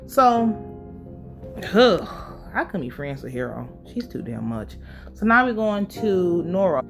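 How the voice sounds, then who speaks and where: A woman's voice: fairly low pitch, big pitch swings, normal speed, vocal fry, soft background music. A woman giving a casual, blunt and profane recap of a TV episode, full of her own opinions. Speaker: show recap host.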